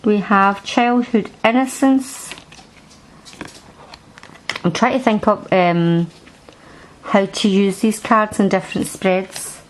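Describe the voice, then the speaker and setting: A woman's voice: mid-range voice, fairly even intonation, takes it slowly, pauses often, slight background noise, rough recording. A woman chatting through a card deck review at home, rambling and restarting her sentences. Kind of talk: casual show-and-tell review. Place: at home, indoors.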